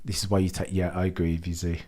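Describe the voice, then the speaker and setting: Young streamer, live reaction commentary, excitable, drops to low disbelief. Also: male voice, racing. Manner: excitable, swings from shouting to low muttering disbelief. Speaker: livestream watchalong commentator.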